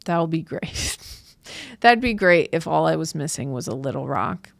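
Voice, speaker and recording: A woman in her thirties, a comedian hosting her own podcast, rambling through a casual monologue with halting restarts. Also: low voice, expressive, gravelly, no echo. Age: 30s. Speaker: podcast host and stand-up comedian.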